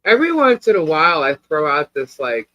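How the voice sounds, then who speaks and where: A woman's voice: deep voice, big pitch swings, brisk, pushed and bright, dry recording, muffled recording. A woman co-hosting a casual live-stream chat, laughing often as she talks.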